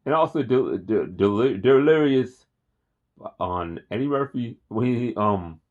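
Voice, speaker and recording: A man talking straight to camera in a relaxed, enthusiastic vlog. He rambles and repeats himself with a mid-pitched voice. The recording is dull and lo-fi. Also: takes it slowly. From Philadelphia. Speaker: host. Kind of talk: casual vlog monologue.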